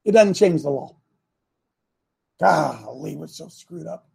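A man's voice: fairly high pitch, expressive, slow, creaky, a little mellow, husky. A middle-aged man hosting a call-in talk show, preaching and scolding his listeners in a combative way.

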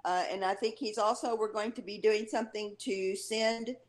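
A woman's voice: medium pitch, fairly even intonation, moderate pace. A woman calling in to a group livestream, giving a loose, chatty update and searching for words as she goes. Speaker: caller, brigade member. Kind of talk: casual call-in update.

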